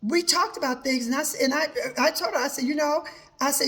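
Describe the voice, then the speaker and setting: A woman with a high, bright-pitched voice talks earnestly through her own life story as advice. She keeps quoting what she told people, leaning on repeated "I said" as she goes. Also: brisk. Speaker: host. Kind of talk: personal advice talk.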